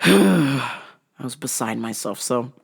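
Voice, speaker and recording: A woman telling a profane comic travel rant in an animated manner, jumping into high outbursts. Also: slow, gravelly, husky. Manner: animated, swearing, jumps into high-pitched outbursts. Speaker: vlogger.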